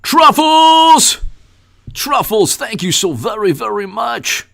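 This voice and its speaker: A man's voice: high voice, big pitch swings, a little slow, pushed and bright, pitched above the performer's own voice, exaggerated voice. A man mocking a gushing, eager political PR consultant with a breathless, fawning delivery.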